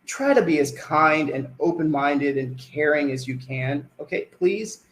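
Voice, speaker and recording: A man runs a sales presentation for a live online audience, often checking in with questions and then answering them himself. His voice sits a little high for a man, and the sound carries a noticeable room echo. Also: expressive, a little slow.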